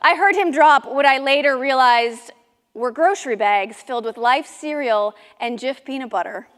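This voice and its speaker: Middle-aged woman, high voice, comic and indignant memoir monologue, live stage with long reverb. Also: normal speed. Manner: comic, indignant, lively storytelling. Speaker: memoir performer. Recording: reverberant hall.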